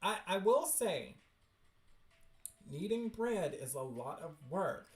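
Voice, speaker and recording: Woman streamer gushing over comics, low-ish slow voice, lots of pitch swing, echoey. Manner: chatty, excitable, self-interrupting asides. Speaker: livestream host reading webcomics. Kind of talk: casual livestream chat.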